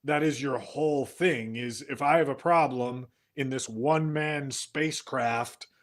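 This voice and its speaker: In an improvised comedy scene, a man plays an aggrieved astronaut alone in space, complaining in a low, halting voice that stays close to how he normally talks.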